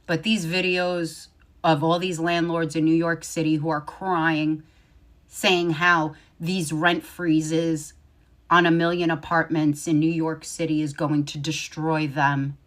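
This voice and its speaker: A woman's voice: low voice, little pitch movement, takes it slowly, a bit bright. A woman in a played video giving opinion commentary with a sarcastic, mock-sympathetic edge.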